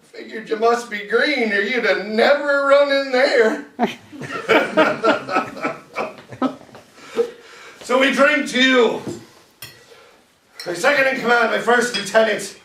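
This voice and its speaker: An actor playing a proud Civil War captain in a theatrical stage monologue, telling war stories and breaking into shouted quotes. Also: male voice, very high voice, slow pace, pauses often, exaggerated voice. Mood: boisterous, boastful. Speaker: actor in a one-man stage play. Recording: roomy, distant stage recording.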